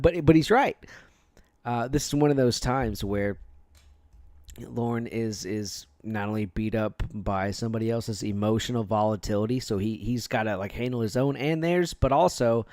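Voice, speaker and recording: A man's voice: medium pitch, no room sound. Crude, laughing male commentator, dry sound. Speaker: commentator on prank calls. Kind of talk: casual commentary.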